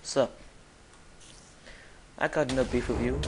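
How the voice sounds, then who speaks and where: A young gamer mutters quietly to themselves during gameplay and breaks into loud yells and shrieks at enemies. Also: mid-range voice, big pitch swings, moderate pace, vocal fry, long pauses, slight background noise. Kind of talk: gameplay commentary.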